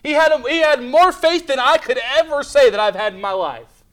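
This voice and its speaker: A man's voice: extremely high pitch, lively intonation, brisk, a bit bright. A man pastor preaching a midweek Bible study sermon, reading scripture aloud, asking the congregation questions and acting out little scenes, with frequent restarts. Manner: preaching with rhetorical questions and dramatized asides. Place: church.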